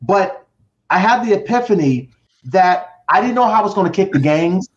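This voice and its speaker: A man's voice: high-pitched, animated, normal speed. A middle-aged man telling his personal story with drama as a podcast guest, acting out voices and counting down. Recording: roomy, dull lo-fi sound.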